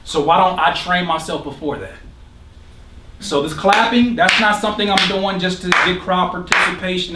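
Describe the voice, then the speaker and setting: A high-voiced man gives an energetic motivational talk to a live audience, throwing questions at the crowd and laughing at his own jokes. He sounds roomy and far from the mic, with faint room noise behind him. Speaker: motivational speaker at a producer workshop.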